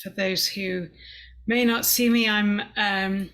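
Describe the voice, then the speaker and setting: A woman with a posh southern English accent speaks slowly and deliberately on a video call. Her manner is measured and thoughtful. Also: mid-range voice, steady tone, a bit bright. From England. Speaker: forum participant and later speaker. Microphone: video call microphone.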